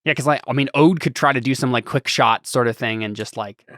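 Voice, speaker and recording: A man's voice: medium pitch, brisk, a bit bright, dry recording, studio quality. A man running a tabletop role-play game as game master, narrating casually with many fillers.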